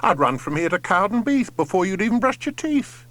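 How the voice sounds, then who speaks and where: A man reading an audiobook and voicing a boastful, scornful male hare who talks loud and mocking. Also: sits high, big pitch swings, fairly quick.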